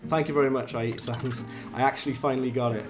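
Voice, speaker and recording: Brief: Welsh Valleys-accented male streamer, mid-pitched, easygoing self-mockery, game music clearly behind him. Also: steady tone, fast. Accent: South Wales Valleys. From South Wales. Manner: chatty, self-mocking, bursts up in pitch when frustrated. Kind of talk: casual live game-stream commentary.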